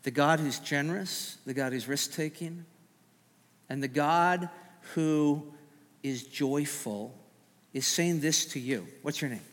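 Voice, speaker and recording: Animated male preacher in a reverberant hall. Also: fairly high pitch, slow pace. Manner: animated, stammering restarts, acts out quoted voices. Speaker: pastor. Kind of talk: sermon.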